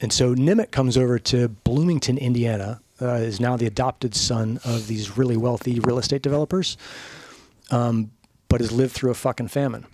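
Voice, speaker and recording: This clip features a middle-aged podcast guest in casual storytelling mode, lively and profane, voicing the people in his anecdotes. He speaks at a moderate pace in a mid-range voice, with no room sound.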